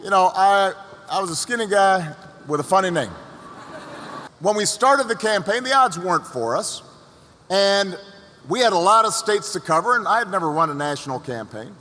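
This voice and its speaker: A man giving a speech to an audience, telling a story with pauses and repeated words. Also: high voice, animated, bright, forceful tone. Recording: long reverb of a large hall.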